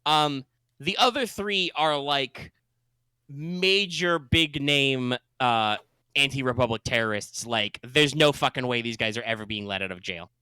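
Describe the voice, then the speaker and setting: A man running a tabletop game as game master, talking in an animated, casual way. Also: medium pitch, unhurried, smooth, no echo.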